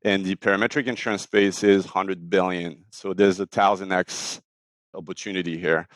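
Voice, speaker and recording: Deep, flat-voiced man with French accent. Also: moderate pace, no room sound. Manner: many fillers and restarts, explanatory. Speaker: startup founder, guest. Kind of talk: casual interview talk.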